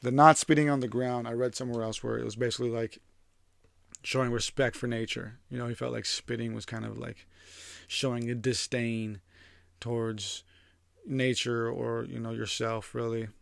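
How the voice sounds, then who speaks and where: A man's voice: mid-range voice, little pitch movement, moderate pace, creaky, no room sound. A man hosting, reading a scripted narration and breaking into irreverent, profane, jokey asides. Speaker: host. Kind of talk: casual commentary over a scripted narration.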